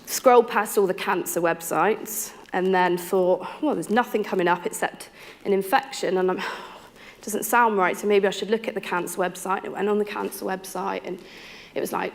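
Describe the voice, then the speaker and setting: A woman's voice: mid-range voice, normal speed. Candid young mum telling her story. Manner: candid, frank, lively quoting of others and herself. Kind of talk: personal storytelling.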